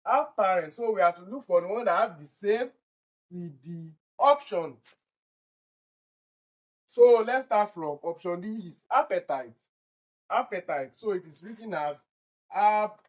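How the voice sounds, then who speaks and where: A Nigerian man with a Nigerian English accent, tutoring exam candidates and explaining answers step by step, slowly repeating each word to drill its pronunciation. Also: sits high, muffled recording. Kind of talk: online exam-prep lesson.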